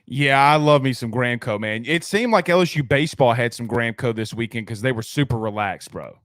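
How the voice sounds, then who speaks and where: A man's voice: medium pitch, expressive, fairly quick, a bit bright, no echo, clean studio sound. A man hosting a casual live sports talk stream, loose and slangy, reading out viewer comments and an ad. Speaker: sports talk show host.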